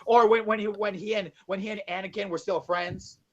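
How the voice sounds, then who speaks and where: A man's voice: high voice, fairly even intonation, fairly quick, fairly bright tone, dull audio. A man co-hosting a casual podcast about movies, rambling with many fillers and swearing. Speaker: podcast co-host.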